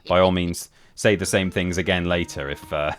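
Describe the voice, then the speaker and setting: A man's voice: low-pitched, fairly even intonation, moderate pace, soft background music. A young man chatting casually to his live-stream audience while playing, rambling and restarting his sentences as he goes.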